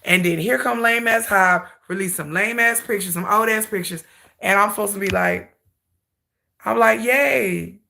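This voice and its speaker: A woman hosting a K-pop channel livestream, telling a dramatic, salty story with animated humor. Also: mid-range voice, normal speed, creaky. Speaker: K-pop YouTube channel host. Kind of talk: casual livestream rant.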